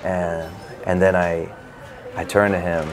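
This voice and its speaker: A man, an author, telling an animated, casual story at a bookstore event, full of "like" fillers. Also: low-pitched, slow pace, background noise. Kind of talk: casual anecdote in an interview.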